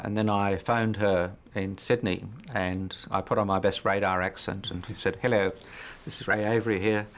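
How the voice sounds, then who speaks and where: A middle-aged man telling his life story in an interview, reflective and hesitant, with many fillers and frequent chuckles. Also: on the low side. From New Zealand. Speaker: interview guest.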